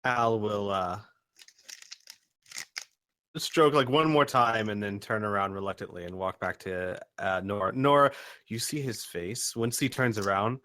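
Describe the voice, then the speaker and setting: A man describing his character's actions in a tabletop game, with many pauses and fillers. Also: lowish voice, bright, forceful tone. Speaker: player. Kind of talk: tabletop role-play.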